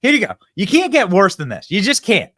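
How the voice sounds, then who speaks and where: A man's voice: high voice, huge pitch swings, fairly quick, pushed and bright, dry recording, clean studio sound. A man hosting a reaction commentary channel, talking back at news clips in an indignant, mocking way.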